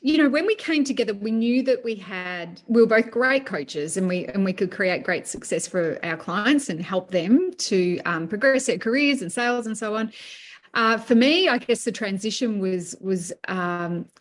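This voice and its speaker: Earnest woman coach, even middle pitch. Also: normal speed. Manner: earnest, talks in long, looping sentences. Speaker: guest, money management coach. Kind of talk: conversational interview.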